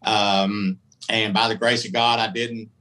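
A middle-aged American country comedy singer, on a podcast as a guest, tells candid, folksy stories in a rambling, casual way. His voice is lowish, level, and unhurried with a sharp tone, and the recording quality is low.

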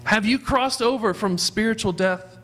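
A man's voice: sits high, moderate pace, fairly bright tone, a little hiss or hum. A man preaching a sermon as pastor of a church, earnestly asking his congregation questions. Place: church sanctuary.

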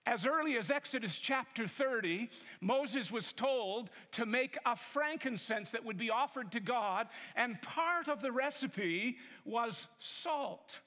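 A male pastor preaching a sermon in a church, emphatic and deliberate. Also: very high-pitched, expressive, sharp tone. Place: large church sanctuary. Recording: long hall reverb.

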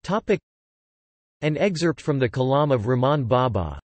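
A man's text-to-speech voice reading an encyclopedia article in an even, mechanical way. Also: mid-range voice, normal speed, no room sound. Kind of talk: synthetic encyclopedia narration.

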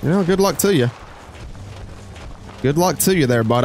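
A man's voice: fairly high pitch, expressive, measured pace, darkish tone, a little hiss or hum. Man joking through game commentary. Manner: rambling, joking asides to chat. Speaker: streamer. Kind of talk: casual gameplay commentary.

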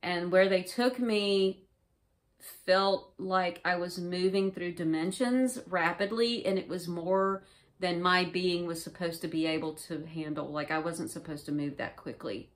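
A woman's voice: on the low side, steady tone, unhurried. A woman vlogger casually recounting an experience in a rambling, profane way, full of fillers. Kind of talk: casual first-person recounting.

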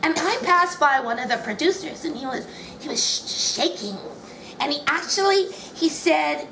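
A woman reads her memoir aloud at a bookshop event, telling it in a wry, amused way. Her voice sits high. The room around her is echoey, with faint background noise. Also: animated, normal speed, vocal fry, pushed and bright. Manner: wry, amused, often laughing between lines. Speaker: author reading her book. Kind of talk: memoir reading at a live event.

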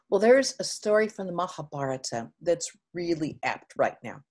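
A woman spiritual teacher giving a sermon, retelling an old legend with expressive, unhurried storytelling. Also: on the low side, husky.

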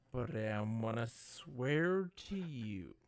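A man's voice: mid-range voice, slight background noise. A man streaming games live, chatting casually to his viewers in a giggly, rambling way.

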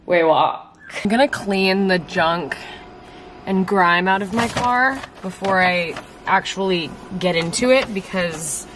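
A young woman speaks slowly in a fairly low voice, rambling through a casual vlog chat. Self-deprecating, she laughs frequently and curses freely; the setting is her home and her car, and the audio has room echo and faint ambient noise.

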